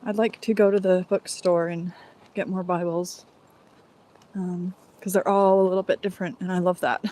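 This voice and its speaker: A woman's voice: lowish voice, level tone, normal speed, warm tone. A woman streaming live from her phone while walking outdoors, chatting casually and meandering from thought to thought with the odd sigh. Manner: rambling, meandering, with sighs. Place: outdoors on a walk.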